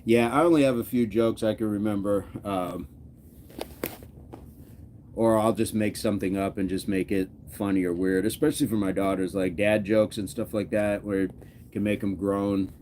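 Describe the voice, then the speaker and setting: A man in middle age talks to his livestream viewers in a relaxed, joking manner, with a fairly low voice. He chuckles often between remarks. There is a faint background hiss. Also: normal speed. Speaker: livestream host. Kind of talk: casual livestream chat, reading viewer comments.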